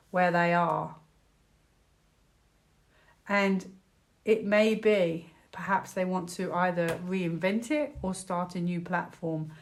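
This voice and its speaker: Rambling, lowish-voiced British woman. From United Kingdom. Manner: rambling, chatty, many fillers. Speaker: tarot reader. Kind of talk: casual tarot reading vlog.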